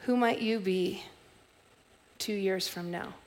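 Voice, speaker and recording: A middle-aged woman preaching a sermon as a pastor, telling stories in a reflective way with soft restarts. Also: mid-range voice, takes it slowly.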